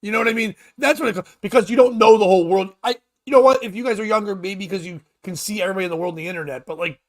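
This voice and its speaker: A man's voice: sits high, very fast. A man hosting a casual comedy talk show, rambling and profane as he jokes his way through news stories. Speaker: podcast host.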